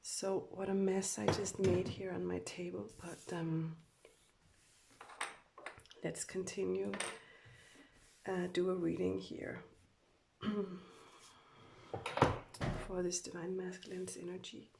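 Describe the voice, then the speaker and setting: A woman giving a spiritual tarot love reading, tired from just waking up, talking softly and hesitantly with a shaky voice. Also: on the low side, level tone, slow pace, vocal fry, pauses often, heavy background noise. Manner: soft, shaky, hesitant with many fillers. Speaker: tarot card reader.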